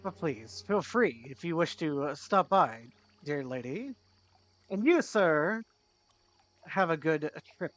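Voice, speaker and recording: A man doing a smarmy courtly gentleman. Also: a little high, very animated, takes it slowly, dry recording, faint music behind. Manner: florid, overly courteous. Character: smarmy, sharply dressed rich gentleman.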